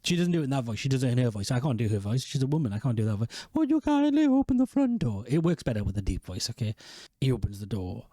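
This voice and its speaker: A man's voice: medium pitch, very fast, mellow, breathy edge, no room sound, clean studio sound. A man recapping a TV episode in casual, rambling commentary, swearing and correcting himself as he goes. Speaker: video host.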